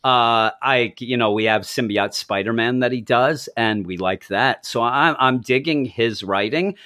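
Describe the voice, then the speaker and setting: A married man casually reviewing a comic book with a co-host, lively, acting out bits of dialogue in bursts. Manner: animated, acts out quoted lines in jumps of pitch.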